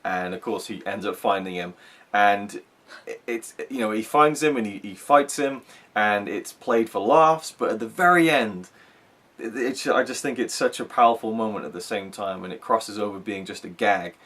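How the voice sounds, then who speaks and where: A man's voice: on the low side, moderate pace, a bit bright. A man hosting a casual film review chat, talking in a rambling, enthusiastic way with frequent restarts. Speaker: film reviewer, show host.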